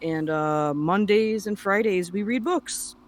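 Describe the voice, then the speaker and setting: A man chatting casually on a live stream, rambling with lots of fillers, his throat sore and a little hoarse. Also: high voice, slow.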